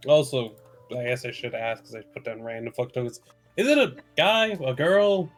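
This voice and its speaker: A man's voice: medium pitch, normal speed, soft background music. Swearing, rambling man at a tabletop game. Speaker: player. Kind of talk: casual tabletop game chat.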